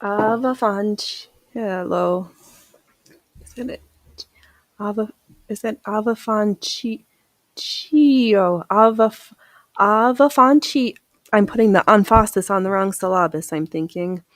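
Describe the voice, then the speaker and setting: A woman's voice: medium pitch, slow, pauses often, no echo. A woman hosting a casual live sewing stream. She laughs often and reads viewer comments aloud as she works. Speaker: livestream host.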